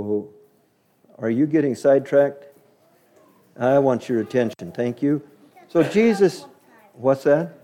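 A man's voice: mid-range voice, warm tone. A man teaching a Bible story to children in a chatty way, asking them questions along the way. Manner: asks the listeners questions, chatty.

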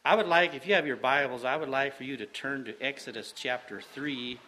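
A man preaching a sermon, slow and deliberate, repeating phrases for emphasis. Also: medium pitch, pushed and bright.

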